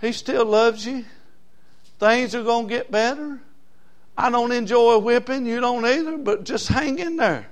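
Unhurried and with an extremely high-pitched voice, a middle-aged preacher delivers a sermon. He asks the congregation for amens, his volume rising and falling between loud and soft.

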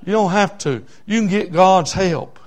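Male pastor, high-pitched, fiery sermon delivery with hushed storytelling. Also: unhurried. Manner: impassioned preaching, swinging from hushed storytelling to shouting.

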